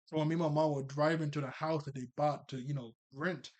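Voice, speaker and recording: A man's voice: a little high, steady tone, a little fast, a little mellow. A young man casually recapping a cartoon episode, rambling with lots of fillers and frequent laughs.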